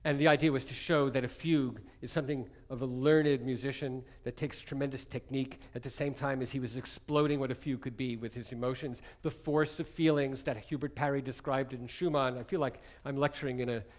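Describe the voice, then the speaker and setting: A man's voice: mid-range voice, fairly even intonation, a little fast, hardly any pauses. A man giving a conversational, jokey music lecture, often digressing as he explains a piece. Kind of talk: lecture-demonstration on chamber music.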